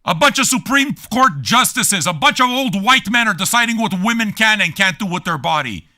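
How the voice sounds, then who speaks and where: Brief: male stream host, profane and combative, mocking his chat; bright, tense edge, lively swoops in pitch, sits a little high. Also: normal speed. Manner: mocking, combative and crude, with laughing jabs. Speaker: DJ and livestream host. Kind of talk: profane rant at chat viewers.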